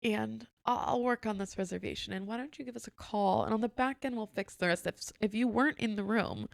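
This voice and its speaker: Gravelly-voiced woman telling a story. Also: a little high, a little fast, no echo. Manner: animated storyteller, acts out dialogue, laughs often. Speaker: podcast co-host. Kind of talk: casual storytelling chat.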